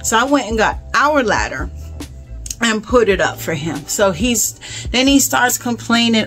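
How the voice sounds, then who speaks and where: A woman vlogger telling a story casually, animated and exasperated, with asides to her viewers. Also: a little high, moderate pace, faint music behind. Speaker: home vlogger.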